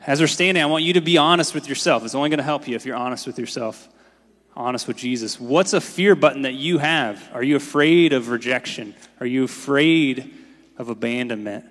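A man's voice: medium pitch, a little fast, a bit bright. Casual-talking male pastor in an echoing hall. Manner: casual, conversational preaching with many "like"s. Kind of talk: sermon. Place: church sanctuary. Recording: long reverb in a large hall.

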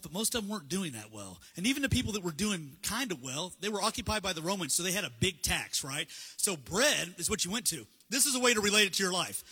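A high, bright male voice with a husky edge delivers a relaxed, conversational sermon, acting out little exchanges as he goes. The sound carries a long hall reverb. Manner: casual, conversational, acts out dialogue. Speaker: preacher. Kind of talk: sermon with slides.

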